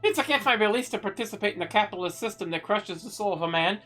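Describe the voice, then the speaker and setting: A woman's voice: medium pitch, lively intonation, fast, fairly bright tone, faint music behind. A woman voicing a pompous would-be male supervillain who still lives with his mother, ranting grandly as she reads game dialogue aloud. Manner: grandiose, ranting, then nervous and pleading.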